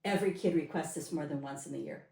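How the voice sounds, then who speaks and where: A woman's voice: deep voice, quick pace, vocal fry, warm tone, recorded from a distance. An older woman, a retired teacher educator, co-hosting a casual podcast chat; she talks expressively and reads aloud in playful voices. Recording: roomy, off-mic with faint noise.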